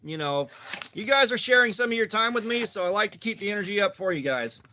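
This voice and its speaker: A man's voice: sits high, expressive, quick pace, sharp tone. A man in his forties with a Southern US accent, casually chatting on a livestream, upbeat and swearing freely as he greets viewers by name. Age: 40s. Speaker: livestream host. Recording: faint background noise and clicks.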